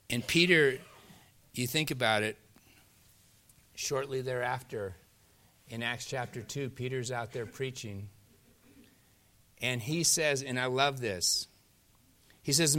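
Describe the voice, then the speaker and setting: A male pastor delivers a sermon with a bright, forceful tone. He retells scripture as lively stories, pressing hard on key lines and then dropping to a hush. His delivery is animated and emphatic throughout. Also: medium pitch, slow, long pauses. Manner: animated storytelling preacher, swings between loud emphasis and soft hushed lines.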